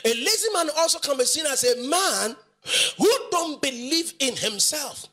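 A man's voice: extremely high pitch, lively intonation, normal speed, pushed and bright. A male pastor, preaching emphatically in a sing-song way, repeating phrases and asking the congregation questions. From Nigeria. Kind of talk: preaching sermon.

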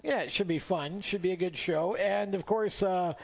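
A man hosting a motorsport radio show, talking in a relaxed, chatty way with plenty of fillers and restarts, recorded in a radio studio. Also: high-pitched, normal speed, creaky. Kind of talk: casual motorsport radio talk.

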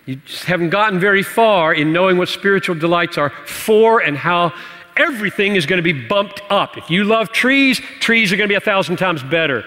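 A man preaching and answering questions in a church teaching session, animated and playful, laughing at his own jokes. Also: sits high, brisk, soft background music. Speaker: pastor. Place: church hall. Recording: church hall reverb.

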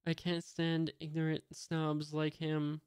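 A man reading the lines of a hot-tempered young male cook in a flat, plain voice. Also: fairly high pitch, takes it slowly, clear, resonant tone, no room sound. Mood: curt.

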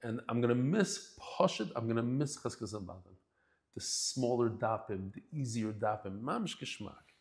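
A man's voice: medium pitch, animated, normal speed, darkish tone. A man teaching a daily Talmud class, talking in a casual, heartfelt and emotional way with many restarts. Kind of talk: casual heartfelt lesson intro.

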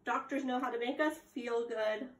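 In an echoey room with slight background noise, a young adult preschool teacher reads aloud at circle time. She uses a slow, sing-song delivery with exaggerated gasps and prompts for the kids, her voice on the high side with fairly even intonation.

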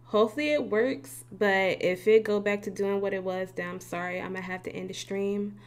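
Woman, game streamer, chatty, curses a lot, laughs often, mid pitch. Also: fairly even intonation, fairly quick. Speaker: gaming streamer. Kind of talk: casual live-stream chat. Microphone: desk mic with facecam.

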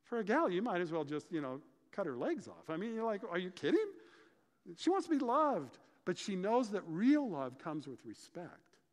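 A man preaching a sermon, explaining scripture and telling stories with lively, acted-out dialogue. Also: sits high, moderate pace, hardly any pauses. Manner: animated storytelling, acts out dialogue. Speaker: pastor. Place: church sanctuary. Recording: church hall reverb.

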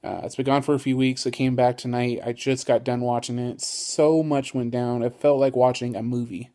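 A vlogger talks casually to the camera in an easygoing, rambling way, full of ums and uhs, excitable and gushing. He has a medium-pitched voice and speaks at a normal speed.

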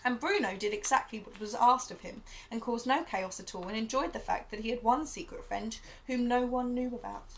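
A woman teacher reading a novel aloud to her pupils in a steady storytelling manner. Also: on the high side, fairly quick, hardly any pauses, a little hiss or hum, low-quality recording.

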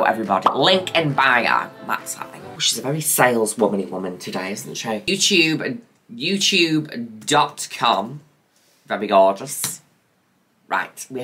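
A woman's voice: a bass voice, bright, forceful tone. A woman, a drag queen host, chatting in a camp, theatrical, self-mocking way as she reacts to an old video. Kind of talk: casual reaction commentary.

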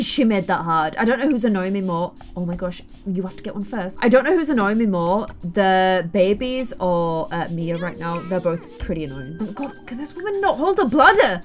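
A woman's voice: lowish voice, fairly quick, few pauses, a little mellow, faint music behind. A young Irish woman giving casual let's-play commentary, chatty and exasperated as she scolds the characters on screen. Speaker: gaming YouTuber.

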